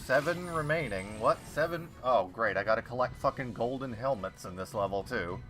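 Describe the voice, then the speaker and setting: A man's voice: medium pitch, animated, brisk, fairly bright tone. A man playing a game on stream, commenting casually and swearing in exasperation. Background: faint game music.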